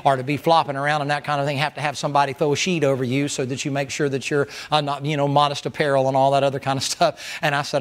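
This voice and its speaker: A man's voice: fairly high pitch, steady tone, rapid-fire, few pauses. Folksy preacher man. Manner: folksy, preacherly, swings between loud and hushed. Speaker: pastor. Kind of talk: sermon.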